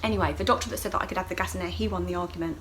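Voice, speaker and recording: Woman telling a story, animated. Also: racing, a little hiss or hum, poor audio. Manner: animated, acts out voices of others with sharp jumps in pitch and loudness. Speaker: vlogger. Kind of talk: casual storytelling to camera.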